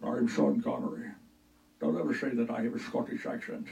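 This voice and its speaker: A man impersonating an aging male film star, talking low and gruff with a slurred lisp. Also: very animated, brisk, a little mellow, distant mic, low-quality recording. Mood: defiant.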